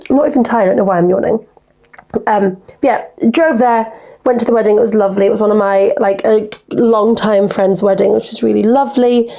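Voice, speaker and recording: A woman in her twenties rambles through stories on her casual solo podcast, acting out the conversations as she goes. Her medium-pitched voice is gravelly yet mellow, and she talks a little fast.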